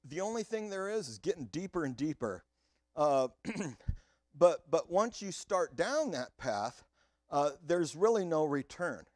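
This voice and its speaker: Lively, expressive male preacher. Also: on the high side, unhurried, dry recording, studio quality. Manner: animated, talks straight to the congregation. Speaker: pastor. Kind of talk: sermon.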